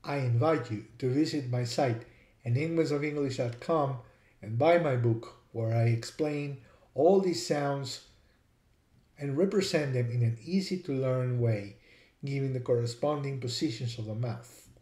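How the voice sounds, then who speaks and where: A man's voice: mid-range voice, unhurried, dark tone. A man narrating a scripted language lesson as teacher and author, explaining with care and repeating word examples. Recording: roomy echo.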